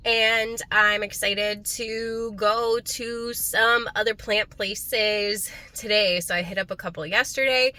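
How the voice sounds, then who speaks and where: A woman's voice: mid-range voice, measured pace, hardly any pauses, pushed and bright. Chatty young woman plant vlogger. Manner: chatty, giggly, lots of "like"; upbeat voice-over narration. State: slightly out of breath. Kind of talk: casual vlog chat. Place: inside a parked car; voice-over booth, not on location.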